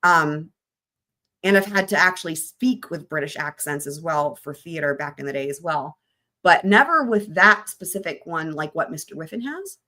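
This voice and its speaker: A woman's voice: sits low, animated, moderate pace, bright, forceful tone. A woman hosting a true crime live stream, chatting loosely with her viewers in a rambling, casual way.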